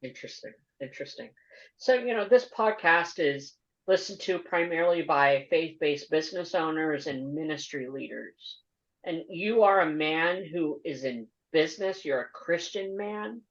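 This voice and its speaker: A woman hosting a podcast interview, earnest and measured as she asks questions and comments. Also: low voice, expressive. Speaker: podcast host. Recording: dull lo-fi audio.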